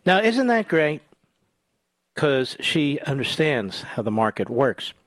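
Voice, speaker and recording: A male talk radio host gives a combative, sarcastic monologue that swings between loud outbursts and low asides. He is very animated but speaks at a slow pace, with no room sound.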